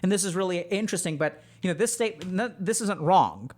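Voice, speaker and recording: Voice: mid-range voice, animated, a little fast, a little mellow. A psychiatrist giving reaction commentary on a TV episode, explaining things and speaking directly to viewers.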